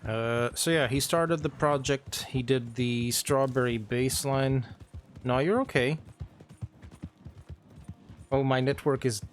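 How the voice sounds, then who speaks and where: A man streaming a role-play game, casually recapping events for his viewers in an unhurried way with frequent ums. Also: medium pitch, slight background noise.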